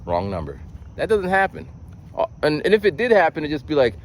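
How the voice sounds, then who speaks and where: A man's voice: a little high, huge pitch swings, brisk, a little hiss or hum. A young man talking in a rambling, casual monologue, with many restarts and acted-out voices. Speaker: vlogger.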